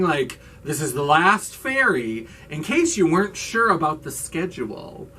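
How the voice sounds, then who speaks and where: A chatty, sarcastic man recaps a movie for his video channel, full of asides. His voice sits a little high. He is slightly distant from the mic, over a faint hiss. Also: a bit bright. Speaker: drag queen video host.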